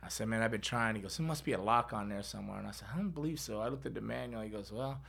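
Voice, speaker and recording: Middle-aged male podcast host, gravelly and bright, casual storyteller who laughs and acts out other voices. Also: on the low side, rapid-fire.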